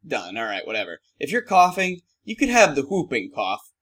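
A man's voice: medium pitch, huge pitch swings, moderate pace, fairly bright tone. A man co-hosting a casual comedic chat, joking and slipping into silly voices. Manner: jokey, slips into silly voices. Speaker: podcast co-host.

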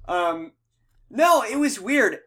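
A man co-hosting a comedy podcast, joking loudly and acting out silly voices in casual banter. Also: high-pitched, slow. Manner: animated, jokey, acts out silly quoted voices. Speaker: co-host.

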